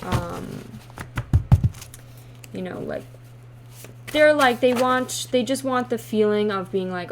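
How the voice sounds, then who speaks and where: A woman's voice: mid-range voice, slow, long pauses, slight background noise. A woman doing a casual tarot card reading to camera, thinking aloud with sassy exclamations and casual swearing. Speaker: tarot reader.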